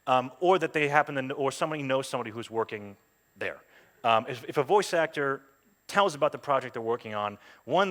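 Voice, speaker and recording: A man who works as a voice actor, giving a chatty, anecdotal talk at a game event with lots of ums and quick voiced asides. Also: medium pitch, a bit bright. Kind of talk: conference talk. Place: stage at a game jam event.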